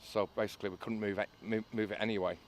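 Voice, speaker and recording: A man's voice: fairly low pitch, level tone, fast, a little hiss or hum. A man telling a story about restoring an old canal boat, hesitating often with uhs and restarts. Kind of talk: casual interview anecdote.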